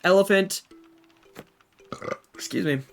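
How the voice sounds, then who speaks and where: A woman streamer playing through a story game, breaking off into excitable, chatty remarks to her viewers. Her voice has a middling pitch, and faint music plays underneath. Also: slow pace, gravelly. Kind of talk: reading a story game aloud to chat.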